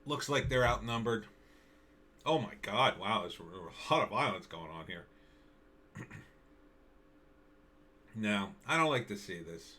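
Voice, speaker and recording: A man giving solo political commentary on news and video clips, indignant and halting, repeating himself and restarting his sentences. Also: on the low side, expressive, bright, forceful tone.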